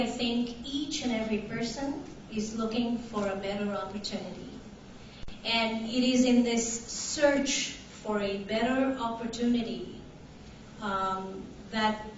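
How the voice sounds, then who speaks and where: A woman from Tanzania raised in Canada, giving a conference talk, slow and hesitant with many fillers. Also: fairly high pitch, slight background noise. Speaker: conference speaker. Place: conference hall. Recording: distant, echoey, muffled hall recording.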